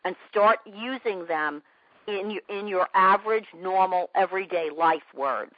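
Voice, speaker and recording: A woman's voice: mid-range voice, measured pace, no room sound, lo-fi sound. A woman sales trainer coaching a trainee over a call. She repeats her points, acts out both sides of a sales call, and keeps asking whether it makes sense.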